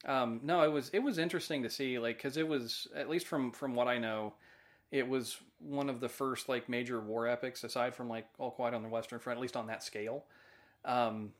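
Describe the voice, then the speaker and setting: A man co-hosting a casual film podcast, relaxed and agreeable, adding facts with brief fillers. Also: medium pitch, fairly quick. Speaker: podcast co-host reviewing films. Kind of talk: casual chat.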